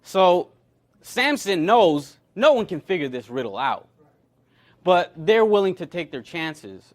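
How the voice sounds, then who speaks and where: A man with a high-pitched voice preaches a sermon. He retells a scripture story with energy and acts out the characters' lines as he goes. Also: measured pace. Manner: animated, acts out quoted characters. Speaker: pastor.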